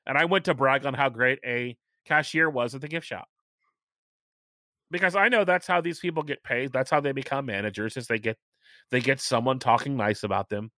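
A middle-aged man hosting a casual chat, talking chattily and stressing key points by slowing down. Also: medium pitch, pushed and bright, dry recording, studio quality. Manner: chatty, emphatic, repeats points slowly for stress.

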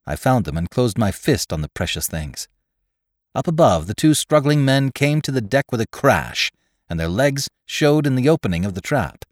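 A man reading a classic adventure story aloud as scripted narration, in a measured, expressive way. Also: medium pitch, no room sound, clean studio sound. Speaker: audiobook reader.

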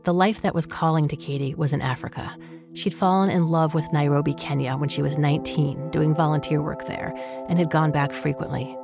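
Low-voiced woman narrating over music. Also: fairly even intonation, brisk, vocal fry. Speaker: podcast host and narrator. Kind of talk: scripted narration.

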